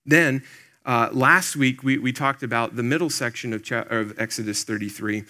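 An earnest man preaching a loose, conversational sermon to his congregation. He talks in plain everyday words at a middle pitch and keeps asking his listeners questions directly. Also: moderate pace, sharp tone. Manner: loose and plain-spoken, with many "like" and "um". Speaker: pastor.

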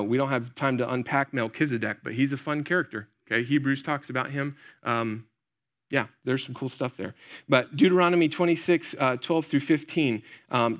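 A young man preaching a casual sermon in a chatty, conversational way, with many fillers and quick asides to his listeners. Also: mid-range voice, fairly bright tone. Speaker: pastor.

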